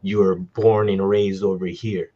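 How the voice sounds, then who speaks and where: A young man from New York speaks as a podcast guest. His voice sits low and comes through slightly muffled and dull. He explains things steadily and drops casual slang. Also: flat delivery, slow pace, dark tone. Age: young adult. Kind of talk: casual astrology chat.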